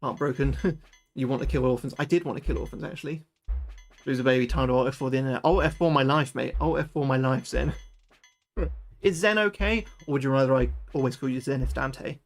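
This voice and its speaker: A British man livestreaming a game, chatting excitably with his viewers and swearing freely. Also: medium pitch, fairly quick, faint music behind. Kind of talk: live gameplay commentary chatting with viewers.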